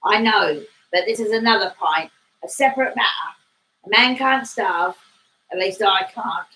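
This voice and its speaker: Brief: woman narrator voicing a rough male convict in a read-aloud novel, moody, blunt, slow delivery. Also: mid-range voice, pushed and bright, low-quality recording.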